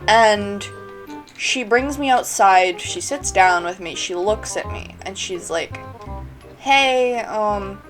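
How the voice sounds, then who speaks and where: Female YouTuber, chatty storytime delivery with frequent giggles and a slow pace. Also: medium pitch, faint music behind. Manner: giggly, chatty, laughs between phrases. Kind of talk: storytime vlog.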